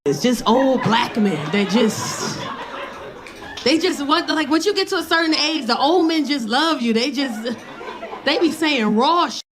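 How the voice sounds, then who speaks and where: A middle-aged woman performing a stand-up set with brash, profane, animated storytelling. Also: high voice, a little slow. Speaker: stand-up comedian. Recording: live room with noisy crowd.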